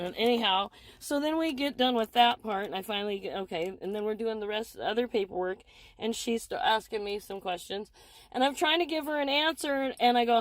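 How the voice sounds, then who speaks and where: A woman's voice: fairly high pitch, a little fast, low-quality recording. A middle-aged woman talking to the camera in a rambling, agitated rant about a bad appointment. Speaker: vlogger.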